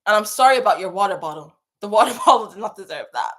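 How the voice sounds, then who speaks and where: A woman's voice: mid-range voice, lively intonation, fast, fairly bright tone. Chatty young woman giving emphatic advice. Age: young adult. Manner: chatty, emphatic, repeats phrases for stress. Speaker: advice host. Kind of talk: casual advice chat reading viewer messages.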